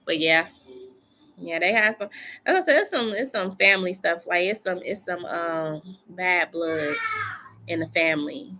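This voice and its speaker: A woman's voice: lowish voice, unhurried, noisy background. A woman doing a casual live tarot reading from home, chatty and colloquial, repeating phrases for emphasis. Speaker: tarot reader.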